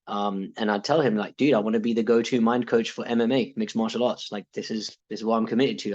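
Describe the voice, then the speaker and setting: A man's voice: fairly low pitch, darkish tone. Rambling British man, lo-fi sound. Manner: rambling, with restarts and laughs. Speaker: coaching client. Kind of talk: casual reflective talk.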